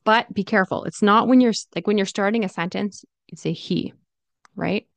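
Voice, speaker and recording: A woman teaching English pronunciation, repeating example phrases slowly and then at natural speed. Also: mid-range voice, creaky, no room sound.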